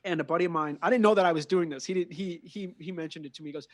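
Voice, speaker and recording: High-voiced man telling lively stories. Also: very fast, no echo. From Minneapolis, USA. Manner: lively storyteller who acts out quoted dialogue; frequent word repetitions and restarts. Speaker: audio technician guest. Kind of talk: conversational interview.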